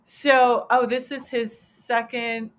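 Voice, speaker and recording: A woman's voice: a little high, level tone, slow pace. A woman in her fifties hosting a casual livestream chat, talking in an emotional, rambling way with many restarts and fillers. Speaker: host.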